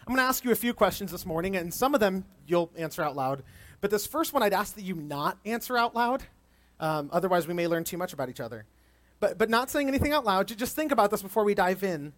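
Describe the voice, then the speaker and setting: A man filling in as preacher at an outdoor church service, giving a candid, conversational sermon with gentle storytelling. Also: sits high, lively intonation, fast talker. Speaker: guest preacher.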